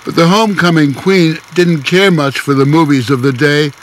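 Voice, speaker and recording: A man narrating a TV news feature and interviewing in a measured, wry way. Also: fairly high pitch, slight background noise. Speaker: TV news correspondent. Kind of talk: scripted broadcast narration and interview.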